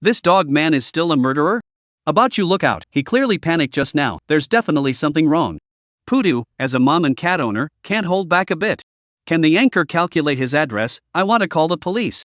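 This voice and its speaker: A man narrating a manhwa recap story in a flat, stilted reading of a rough translation. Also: a little high, brisk, no room sound, clean studio sound.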